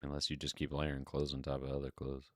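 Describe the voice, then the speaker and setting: A man co-hosting a podcast, making wry, deadpan jokes in casual chat. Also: a bass voice, quick pace, no echo, clean studio sound. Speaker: podcast co-host.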